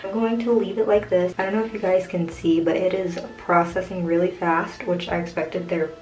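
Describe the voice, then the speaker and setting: A woman's voice: fairly low pitch, fairly even intonation, normal speed, darkish tone. A young woman casually explaining how she dyes her own hair, rambling with many fillers. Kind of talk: casual home tutorial. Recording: echoey room from far off.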